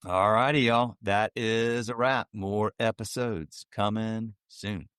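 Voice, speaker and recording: A man with a very deep, smooth, clear voice. He talks in a folksy, easygoing way with plenty of ums. The recording is dry and close to the mic. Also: steady tone, slow, no echo. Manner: warm, folksy, lots of filler ums. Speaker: podcast host. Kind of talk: casual podcast interview.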